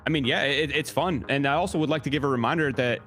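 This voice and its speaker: A man's voice: medium pitch, fast, a bit bright, faint music behind. A man talking as an esports desk analyst, upbeat and loose, in casual chat.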